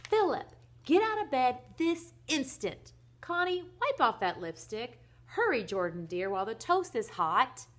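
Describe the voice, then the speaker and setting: A woman voicing a cheerful, busy mother from a children's storybook who speaks in a high, loud, sing-song voice. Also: very animated, a little fast. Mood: calling out cheerfully. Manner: bright, high and sing-song, loudly calling.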